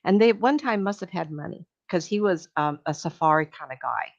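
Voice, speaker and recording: An older woman speaks to a live audience as a medium, wandering from one story to the next and acting out the voices of the people in them. Her voice sits low for a woman, and she often breaks into laughter. The recording sounds dull and lo-fi. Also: expressive, brisk, vocal fry. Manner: chatty, meandering storytelling with laughs and acted-out quotes.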